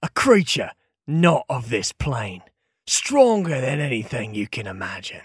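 A man's voice: mid-range voice, sing-song, a little slow, breathy edge, no echo, clean studio sound. A man voicing a chatty male tavern regular who loves spreading rumors, telling them with dramatic flair. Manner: eager, gossipy, dramatic hushed storytelling.

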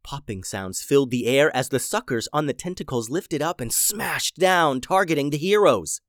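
Male storyteller for kids, very lively pitch, dry close sound. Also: normal speed, no room sound. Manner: animated, dramatic storytelling. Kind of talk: scripted children's story narration.

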